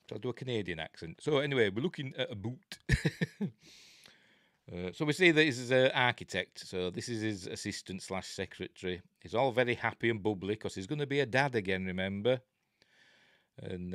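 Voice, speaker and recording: A man's voice: lowish voice, a bit bright, no echo, studio quality. A man with a Yorkshire accent, reviewing a horror film in a rambling, jokey way, full of ums and uhs. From Yorkshire, England. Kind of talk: casual film commentary.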